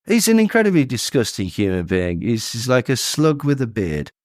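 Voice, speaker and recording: A man in casual podcast chat, sweary, animated and scornful. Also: medium pitch, moderate pace, no echo, studio quality. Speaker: podcast co-host.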